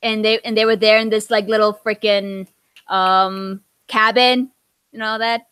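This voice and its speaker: Bright, halting woman chatting. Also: medium pitch, flat delivery, clean tone, no room sound. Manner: halting, many fillers and restarts. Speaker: podcast co-host. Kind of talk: casual chat.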